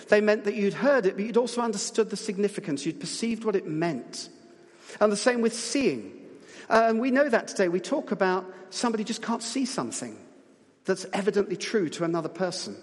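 High-voiced chatty preacher in a reverberant hall. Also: male voice. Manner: chatty, jokey, coaxing the congregation. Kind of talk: lively church talk with audience guessing.

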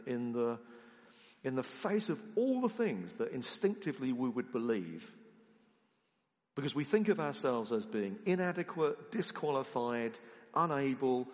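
A man preaching a sermon to a congregation, animated and conversational, moving between loud emphatic rises and quiet low asides. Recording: muffled sound in a long-echo hall.

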